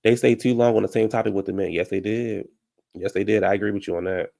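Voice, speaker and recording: His voice is lowish, creaky, and mellow, with fairly even intonation and a quick pace. The man hosts a casual live reality-show recap, ranting heatedly, answering viewers, and talking directly to those on the show.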